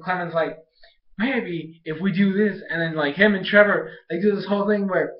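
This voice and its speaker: A young man giving a rambling, excitable recap of a cartoon episode, acting out lines in a higher voice. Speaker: video reviewer. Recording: echoey room, dull lo-fi sound.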